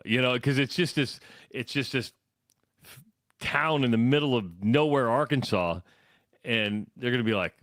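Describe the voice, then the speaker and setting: A man's voice: mid-range voice, normal speed, a bit bright, dry recording. A middle-aged man with a Midwestern American accent, co-hosting a sports radio show in a rambling, storytelling way. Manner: rambling, self-correcting storyteller. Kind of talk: casual sports talk. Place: radio studio.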